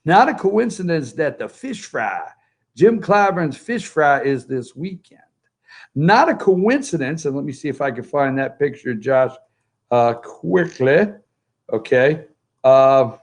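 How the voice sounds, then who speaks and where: A man hosting an opinion talk show, his voice fairly high and gravelly with a rough fry. He talks from home beside a pool, remote from the studio. His delivery is sarcastic, jokey and animated. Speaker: host of a political opinion show.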